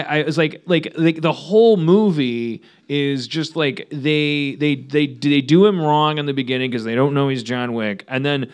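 A man's voice: mid-range voice, smooth. A man hosting a podcast, telling a rambling comedic story with many stammered restarts. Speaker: podcast host. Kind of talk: casual comedic chat.

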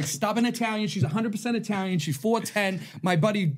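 A man co-hosting a podcast, telling a story in a profane, animated way and laughing often. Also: high voice, fairly quick, a little hiss or hum. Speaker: podcast co-host. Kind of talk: casual storytelling chat.

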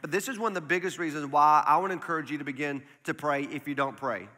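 Male pastor, sermon, bright and forceful, conversational and repetitive, reverberant church hall. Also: on the high side, fast. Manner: conversational, repeats words when emphatic. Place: church sanctuary.

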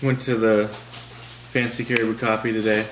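A man's voice: fairly low pitch, level tone, normal speed. A man chatting casually in a family vlog, rambling and restarting his sentences as he explains things. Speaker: vlogger, father. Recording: echoey with clear background noise.

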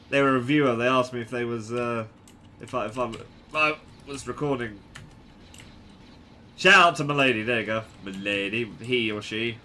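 A young man giving casual, jokey commentary over his gameplay, swinging from low mutters to sudden yelps. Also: normal speed, pushed and bright.

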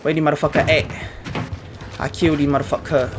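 A man's voice: a little high, little pitch movement, fairly quick, noisy background, close to an everyday voice. A man putting on a mocking voice of a cheater, taunting in broken grammar. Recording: gunfire behind the game audio.

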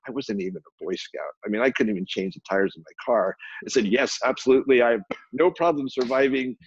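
A husky, fast-talking American man of medium pitch rambles through frank anecdotes as an interview guest, playing out the lines others said to him. He works as a photographer and publisher, and the audio is dry, dull and lo-fi.

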